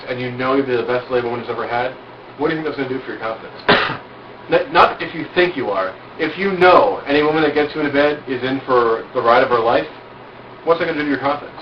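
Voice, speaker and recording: A man's voice: medium pitch, background noise. A man holding forth to a small group in a frank, self-assured, boastful way, full of rhetorical questions, at an outdoor cookout. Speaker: group speaker giving informal instruction. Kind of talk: casual instructional talk to a small group. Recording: roomy, distant, dull amateur recording.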